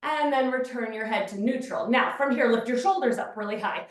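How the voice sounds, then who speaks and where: A woman teaching a beginner Pilates class, calmly talking the listener through each movement step by step. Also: on the high side, fairly quick. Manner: calm step-by-step movement cues. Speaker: Pilates instructor. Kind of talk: guided exercise class. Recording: very echoey room, mic far off.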